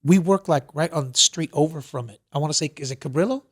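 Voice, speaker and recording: Rambling, higher-pitched male podcast host. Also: fast talker. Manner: rambling storyteller, full of "you know" and "whatever". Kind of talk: casual chat.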